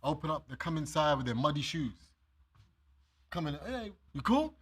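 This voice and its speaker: A man's voice: on the high side, fairly even intonation, fairly quick, a bit bright, breathy edge. A man preaching a sermon. He reads scripture aloud, explains it, and speaks straight to his listeners with everyday examples. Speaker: minister.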